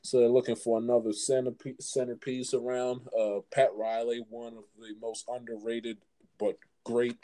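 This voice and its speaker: A man hosting a casual sports chat, halting and repeating words as he asks his guest for opinions. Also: medium pitch, little pitch movement, mellow, low-quality recording. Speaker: host.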